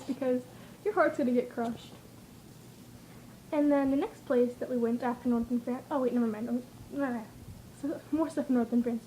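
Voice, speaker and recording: A woman's voice: high-pitched, mellow, a little hiss or hum, poor audio. A woman vlogging in a casual, rambling way, giggling and acting out her own reactions as she tells stories. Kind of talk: casual chatty vlog storytelling.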